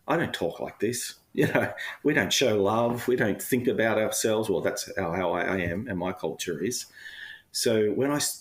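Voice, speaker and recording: A man talking candidly as a podcast guest, rambling with lots of fillers and turning emotional when he talks about himself. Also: lowish voice. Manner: candid, rambling, frequent fillers, occasional laughs. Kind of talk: casual personal storytelling.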